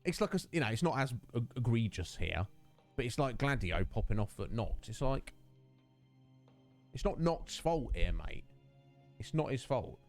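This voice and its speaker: Animated streamer. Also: male voice, mid-range voice, moderate pace, creaky, soft background music. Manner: rambling, ranting, many fillers. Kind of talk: casual game-stream commentary.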